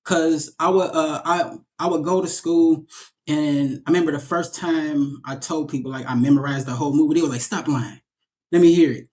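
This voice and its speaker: Animated man telling stories. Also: on the high side, normal speed. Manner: animated, repeats words while storytelling. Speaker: actor, interview guest. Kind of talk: casual interview storytelling.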